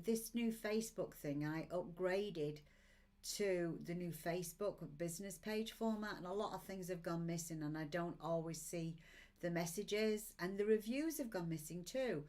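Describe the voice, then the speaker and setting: A woman's voice: fairly low pitch, darkish tone. A woman in her sixties, an oracle card reader on a live stream, encouraging her viewers in an upbeat way and reading out their comments. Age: 60s.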